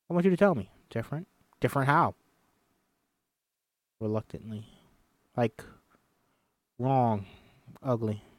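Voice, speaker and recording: A man's voice: mid-range voice, dry recording, clean studio sound. A man doing a solo table read of a film script, reading the stage directions and voicing every part himself. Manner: reads stage directions and voices all parts himself, animated. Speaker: script reader.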